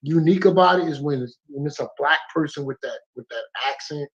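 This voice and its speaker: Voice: mid-range voice, fast, crowd noise. A guest streamer in casual livestream chat, laid-back and agreeable, using slang, heard over a muffled lo-fi call.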